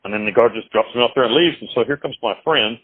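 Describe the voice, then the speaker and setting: A man's voice: medium pitch, quick pace, breathy edge, no echo. A man being interviewed as an author, talking in a blunt, rambling, casual way over a phone call. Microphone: phone call from jail. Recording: tinny phone line.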